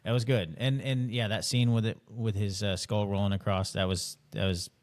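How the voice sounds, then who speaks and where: A man co-hosting a podcast in casual chat, laid-back and halting, with frequent restarts. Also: fairly low pitch, steady tone. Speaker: podcast co-host.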